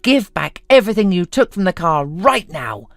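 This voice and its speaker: A woman's voice: on the low side, big pitch swings, moderate pace, no room sound, faint music behind. Woman reading a stern young brother, close dry voice. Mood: angry. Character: stern protective older brother, young man.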